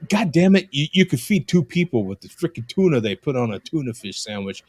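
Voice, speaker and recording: A man hosting a casual live-stream chat over a video call, animated, laughing often and cursing casually. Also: mid-range voice, brisk, breathy edge, no room sound. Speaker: host.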